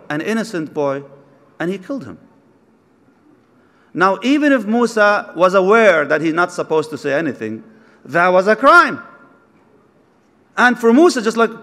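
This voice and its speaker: A man preaching a sermon, telling a story and acting out its dialogue, with recited verses mixed in. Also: sits high. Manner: animated, acts out dialogue, mixes in recited verses. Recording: long hall reverb.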